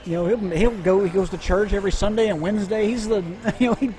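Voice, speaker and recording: A man's voice: high voice, fast. A man in his thirties co-hosting a podcast, telling rambling stories in casual chat. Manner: rambling storyteller, animated. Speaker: podcast co-host.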